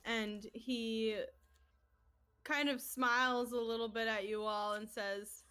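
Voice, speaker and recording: A woman runs a tabletop game at an unhurried pace. Her voice sits a little high, and she narrates easily with frequent laughs. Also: steady tone, bright, forceful tone, clean tone. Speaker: game master.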